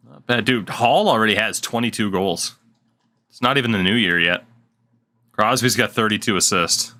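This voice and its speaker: Sarcastic gamer guy muttering n swearing at his desk mic, kinda low voice but real bright. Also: moderate pace. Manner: sarcastic, swears often, talks to himself. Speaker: gaming channel host. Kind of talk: casual gameplay commentary.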